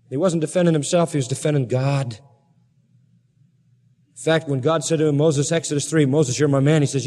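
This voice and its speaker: Animated preacher man, long reverb. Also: fairly high pitch, fairly quick, long pauses. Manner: animated, dramatic Bible storytelling with voiced quotes. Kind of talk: sermon.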